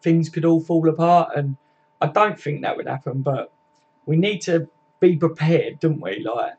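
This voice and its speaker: Young male stream host, slightly high voice, chatty, matey, reads comments aloud. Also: a little mellow, highs cut off. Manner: chatty, full of tag questions and "mate". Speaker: fan channel host. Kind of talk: casual live-stream chat reading viewer comments.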